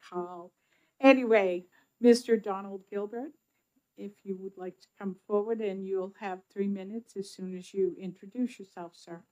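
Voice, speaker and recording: A woman with a Boston accent chairing a hearing, brisk and friendly as she calls up speakers. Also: mid-range voice, dark tone, rough recording. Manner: brisk, friendly procedural remarks. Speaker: committee chair. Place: legislative hearing room.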